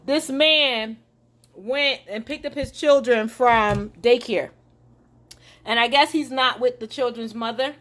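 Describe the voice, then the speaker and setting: High-voiced woman ranting from her kitchen. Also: slow. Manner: animated and indignant, talks to listeners directly. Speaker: podcast host. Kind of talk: casual podcast monologue. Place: home kitchen while cooking.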